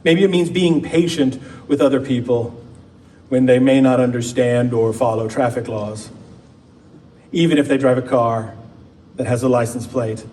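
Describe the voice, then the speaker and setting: A man, a pastor, preaching a conversational sermon with playful asides and slow emphatic pauses in a church. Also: medium pitch, darkish tone. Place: church sanctuary. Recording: distant mic with faint background noise.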